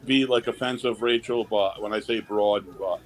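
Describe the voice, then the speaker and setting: Blunt profane man, low voice. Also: fairly even intonation, normal speed, poor audio. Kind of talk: casual chat.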